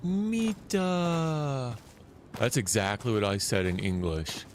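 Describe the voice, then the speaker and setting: A man streaming a survival shooter live, talking loosely and excitedly as he plays, often restarting his sentences. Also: on the low side, measured pace, a little hiss or hum. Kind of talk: live gameplay commentary.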